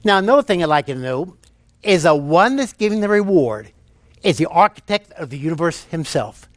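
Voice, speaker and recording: High-voiced male preacher, dry sound. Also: sing-song, brisk, no echo. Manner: tells jokes, repeats key phrases for emphasis. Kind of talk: sermon.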